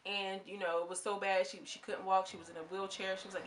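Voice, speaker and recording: A woman's voice: mid-range voice, little pitch movement, fast talker, slight background noise. A young woman giving a candid, slangy, opinionated review of a reality show in a casual vlog.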